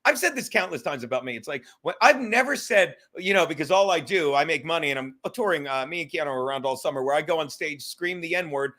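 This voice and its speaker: High, bright-voiced ranting male host. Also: animated. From New York. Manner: profane, joking, quick rants. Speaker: podcast host. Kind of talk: casual comedic chat.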